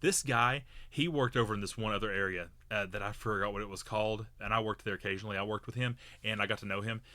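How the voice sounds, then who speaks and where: A man's voice: fairly low pitch, steady tone, fast talker, pushed and bright, no echo. A man co-hosting a podcast, telling a long story in a rambling, casual way with many fillers and restarts. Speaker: podcast co-host.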